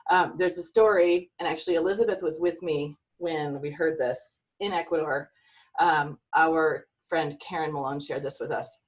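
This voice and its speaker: A woman's voice: low-pitched, normal speed, distant mic. Earnest woman coaching over a video call. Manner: earnest, emotional, faith-filled pep talk. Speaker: life coach. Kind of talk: video call talk to a team.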